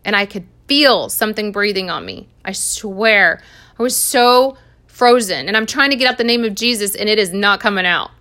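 A woman's voice: mid-range voice, moderate pace, sharp tone. A woman sharing an earnest Christian testimony in a conversational way, laughing now and then. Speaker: Christian speaker giving testimony.

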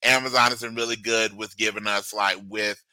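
Podcast co-host, male, bright tense voice, dry close mic, playful and upbeat. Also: fairly low pitch, fairly even intonation, no echo, low-quality recording. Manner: playful, enthusiastic, quick to laugh. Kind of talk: casual chat.

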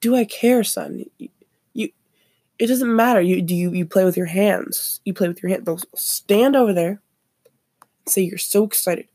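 A heartless father brushes off his son and orders him around, put on by a woman. He sounds bossy and dismissive, the voice pushed a little higher than her usual. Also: moderate pace, dark tone, dry recording, close to an everyday voice.

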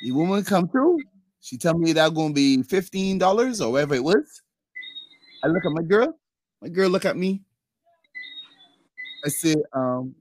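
A young man tells stories on a casual podcast. His delivery is animated, and his voice leaps upward whenever he quotes someone. The recording is dry and close. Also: moderate pace, pauses often, slightly rough, no echo, low-quality recording. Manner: animated storyteller, voice jumps high when acting out quotes. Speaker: podcast co-host. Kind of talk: casual storytelling chat.

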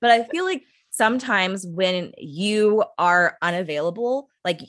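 A woman's voice: mid-range voice, animated, measured pace, a bit bright, no room sound, studio quality. A woman co-hosting a casual chat podcast, blunt and opinionated, swearing freely. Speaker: podcast co-host.

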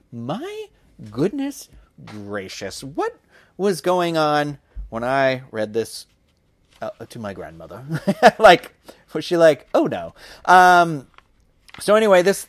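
A man hosts a casual book podcast, reading passages aloud and then chatting about them. He fills his talk with ums and mumbled asides. His voice sits at a middling pitch, and the recording is dry and close. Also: no room sound. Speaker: podcast host.

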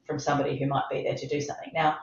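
A woman's voice: rumbling low, little pitch movement, rapid-fire. A middle-aged woman, a medical director, speaking emphatically in a podcast interview. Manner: impassioned, emphatic, repeats for stress. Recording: roomy, slightly dull sound.

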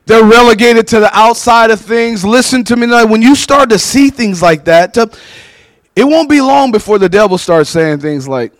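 His high voice moves at a moderate pace as he delivers a sermon woven with stories, performing the characters' voices with animation. There's no room sound in the recording.

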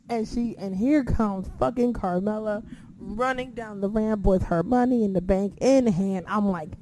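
A woman with a mellow, warm tone talks through a casual recap. She swears often and acts out her own reactions as she goes. A faint noise sits under her voice. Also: medium pitch, normal speed, rough recording. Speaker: wrestling recap host.

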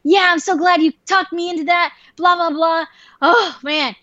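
A woman putting on the voice of her excited woman coworker, gushing and breathless. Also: fairly high pitch, a little fast, no room sound, dull audio. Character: excitable woman coworker, eager game fan.

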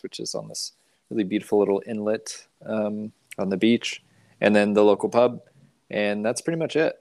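Gravelly low-voiced man rambling on a podcast. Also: dry recording. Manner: rambling, many fillers and restarts, animated. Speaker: podcast host. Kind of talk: casual podcast chat.

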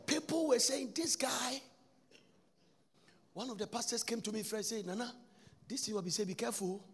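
Fervent high-voiced male preacher in a reverberant church. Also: moderate pace, breathy edge. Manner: fervent preaching that swings between shouted and sung phrases and repeats lines. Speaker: pastor. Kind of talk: sermon. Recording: long reverb, faint music behind.

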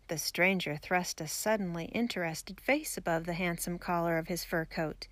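A woman's voice: lowish voice, steady tone, moderate pace, hardly any pauses, a bit bright, dry recording. Woman reading a story, dry close sound. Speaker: audiobook reader. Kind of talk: storybook narration.

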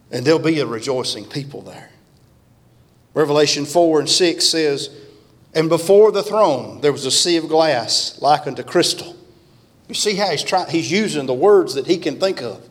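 High-voiced fervent preacher. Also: male voice. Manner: fervent, emphatic preaching that climbs on scripture. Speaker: guest revival preacher. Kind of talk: revival sermon. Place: church sanctuary. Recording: long church-hall reverb.

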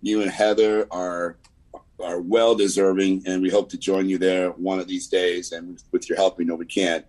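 A man's voice: low voice, little pitch movement, moderate pace, darkish tone, poor audio. A man from California's San Fernando Valley with a Southern Californian accent, giving a rambling, laid-back sales update on a video call, full of fillers and "man". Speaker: insurance agent giving a weekly report.

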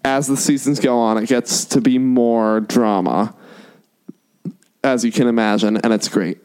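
Man, mid-pitched, smooth clear voice, eager explaining, casual chat. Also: fairly even intonation, unhurried, a little mellow, rough recording. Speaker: podcast co-host.

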